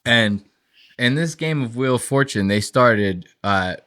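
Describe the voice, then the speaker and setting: A man's voice: medium pitch, lively intonation, unhurried, fairly bright tone, clear, resonant tone. A man hosting a podcast, telling a profane, ranting story and acting out what people said. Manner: profane, ranting, acts out quotes in voices. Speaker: podcast host. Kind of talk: casual podcast rant.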